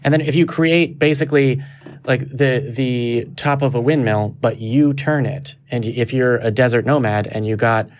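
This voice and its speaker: A man co-hosting a podcast, riffing in a quick, playful way. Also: medium pitch. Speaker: podcast co-host. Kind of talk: casual panel discussion.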